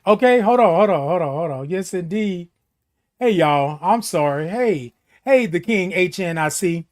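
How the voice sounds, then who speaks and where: A man's voice: high-pitched, lively intonation, moderate pace. A man hosting a casual morning livestream, reading viewer comments aloud and answering them, saying "indeed" and "y'all" a lot. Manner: says "indeed" and "y'all" often. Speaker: livestream host.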